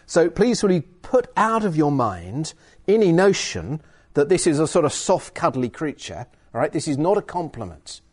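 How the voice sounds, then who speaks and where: A man's voice: fairly high pitch, darkish tone. A man preaching a sermon and reading from the Bible, emphatic with hesitant fillers.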